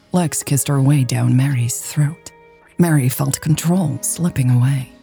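A woman narrating a romance story in a slow, soft, intimate way, with faint music behind. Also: low voice, creaky.

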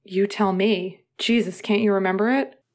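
A woman's voice: mid-range voice, normal speed, lightly acted. Woman voicing a terse worried hockey player. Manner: terse, clipped lines. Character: young male hockey teammate, protective and worried.

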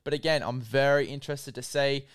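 A young Australian man talking sport in a loose, rambling way, circling back over the same phrases. His voice is smooth and clear, and the sound is dry and close. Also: medium pitch, steady tone, a little fast, dry recording. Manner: rambling, repeats phrases, says mate a lot. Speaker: podcast host. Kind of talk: casual sports chat.

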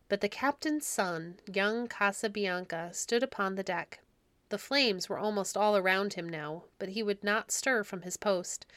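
A woman reads classic stories aloud in a gentle, measured storytelling manner. Her voice is smooth and clear at a middle pitch, recorded close on a studio mic with a dry sound. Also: no echo. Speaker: storytelling podcast host. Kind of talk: storybook read-aloud narration.

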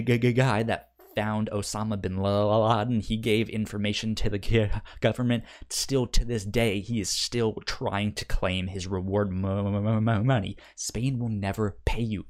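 A man with a lowish, darkish voice and fairly even intonation co-hosts a podcast, chatting loosely about a TV series. His recap is full of stammers, repeated syllables and free swearing. He performs characters' lines in rapid quoted bursts.

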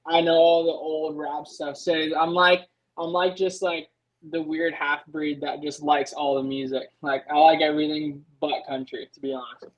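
A young adult man, a motocross racer, telling stories as a podcast guest in an animated way, leaning on filler words. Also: a little high, moderate pace, lo-fi sound. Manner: animated, leans on filler words, acts out his own past thoughts. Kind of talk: casual podcast storytelling.

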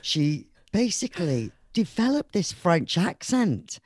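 An effusive male host who gushes and exclaims his way through the conversation, his pitch leaping around with a lively, swinging range. The recording is dry and close, with almost no room sound. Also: slow pace, no room sound. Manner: effusive, exclamatory, swears casually. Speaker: podcast host. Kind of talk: casual interview chat.

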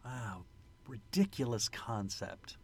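A man's voice: medium pitch, animated, slow, fairly bright tone, breathy edge. A man co-hosting a podcast, chatting casually and joking about a movie, laughing often. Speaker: podcast co-host. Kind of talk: casual movie-review chat.

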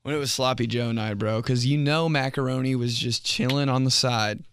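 A young man hosting a solo comedy podcast, rambling and swearing casually and jumping into high mock voices for jokes. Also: fairly even intonation, moderate pace, fairly bright tone, a little hiss or hum. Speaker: podcast host.

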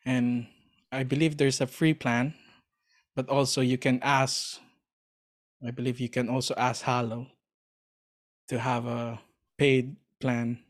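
Slow, earnest man chatting. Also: medium pitch, level tone. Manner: earnest, enthusiastic storytelling; hesitant, searching for words. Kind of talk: casual chat.

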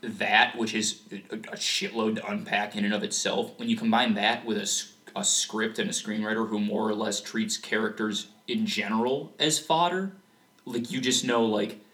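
A man co-hosting a casual movie podcast, animated and full of fillers. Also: on the low side, normal speed. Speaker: podcast co-host. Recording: echoey, from off-mic.

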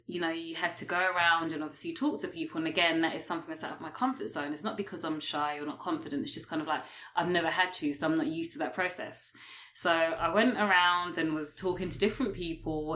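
A woman's voice: low voice, fast. British woman telling a story, roomy. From United Kingdom. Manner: lively, laughs often while telling stories. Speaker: guest. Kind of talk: casual storytelling in a podcast. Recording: roomy echo.

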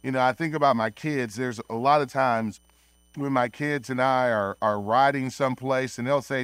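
A man in his thirties, a pastor preaching a sermon in a church, earnest and slowing down to stress key phrases. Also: mid-range voice, a bit bright, smooth, no room sound. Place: church sanctuary.

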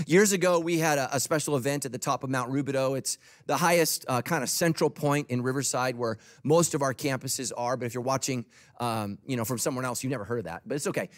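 A middle-aged man preaching a sermon as a pastor, humorous and conversational. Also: mid-range voice.

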